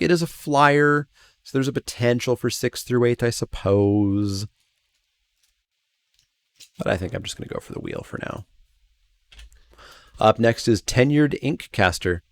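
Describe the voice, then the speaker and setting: A man's voice: lowish voice, vocal fry. A man hosting a channel, reading game card text aloud and then musing over each one with hedging asides in casual review commentary.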